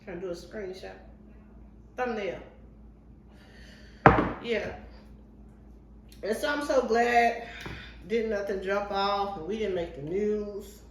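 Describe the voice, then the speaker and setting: A woman's voice: medium pitch, slow pace, long pauses, slight background noise. A woman in her fifties, a vlogger and barber, telling a story in a chatty, colloquial way while cooking in her kitchen. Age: 50s. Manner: chatty, colloquial, animated retelling. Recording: roomy sound from a far mic.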